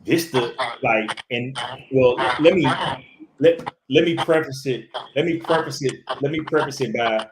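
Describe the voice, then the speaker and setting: A man, an actor, talking casually in an interview, animated and full of restarts and fillers. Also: mid-range voice, measured pace, roomy sound, noisy background. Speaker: actor, podcast guest.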